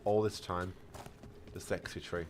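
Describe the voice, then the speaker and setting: A man's voice: deep voice, little pitch movement, unhurried. A man streaming a video game, chatting casually, reacting to gameplay and reading out chat questions. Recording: faint background noise.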